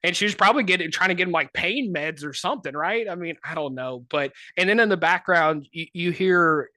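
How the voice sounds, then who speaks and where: A man co-hosting a podcast, telling casual, animated stories full of "like" and put-on voices. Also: sits high, fairly quick, no echo. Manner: animated, filler-heavy anecdotes with many put-on voices. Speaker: podcast co-host. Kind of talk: casual storytelling chat.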